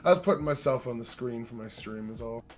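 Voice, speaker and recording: Male guest on a call, easygoing and profane, ordinary mid pitch, faint music behind. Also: fast talker. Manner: relaxed and offhand, swears casually. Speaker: guest debater and streamer. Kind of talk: casual chat. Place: home streaming setup, on a call.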